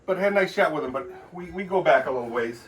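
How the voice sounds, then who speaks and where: A middle-aged man from Michigan, talking in a rambling, chatty way and often clearing his throat. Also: a little high, animated, fast talker, slight background noise. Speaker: vlogger. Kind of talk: rambling casual chat.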